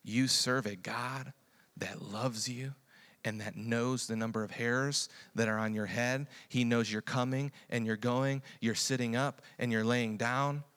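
Male preacher, bright and forceful, drops quiet then builds loud and excited, laughs a lot. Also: medium pitch, unhurried. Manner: swings from quiet reflection to loud excited storytelling, laughs often. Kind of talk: sermon.

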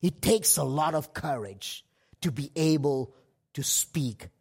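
A man preaching a sermon, slow and emphatic, with pauses between phrases. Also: a little high, expressive, a little mellow, breathy edge. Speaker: pastor. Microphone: livestream setup.

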